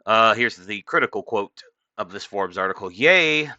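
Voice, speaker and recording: A man's voice: on the low side, steady tone, moderate pace, sharp tone, no echo. A man just woken up, casually commenting while reading a news article aloud, rambling with many fillers. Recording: dull lo-fi dry mic.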